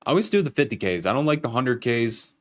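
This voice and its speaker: A man's voice: mid-range voice, big pitch swings, quick pace. A young man hosting a live trading stream, casually talking chat through his trades with some profanity. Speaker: livestream trading host.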